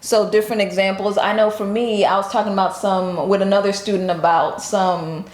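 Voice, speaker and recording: A young woman from a Nigerian family raised in America, hosting a casual chat with lively, teasing banter. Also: mid-range voice, brisk. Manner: animated, laughing, teasing banter. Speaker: host. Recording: echoey room.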